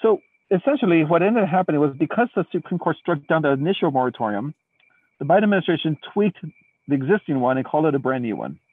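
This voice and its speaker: A man's voice: a little high, animated, fast, husky, no echo. A man co-hosting a podcast, explaining current events at length in a casual, indignant way from outdoors at night. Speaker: podcast co-host. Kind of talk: casual political chat. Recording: tinny distant phone-like remote line.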